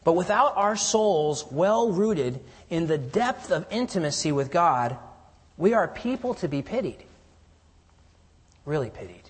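Preacher in a reverberant hall. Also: male voice, big pitch swings, measured pace, breathy edge. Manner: earnest preaching, swinging between loud emphasis and hushed lows. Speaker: pastor. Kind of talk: sermon.

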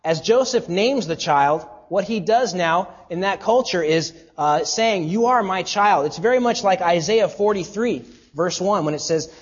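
A man preaching a sermon as pastor, earnest, swinging between emphatic rises and hushed drops. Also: high voice, normal speed, breathy edge, muffled recording.

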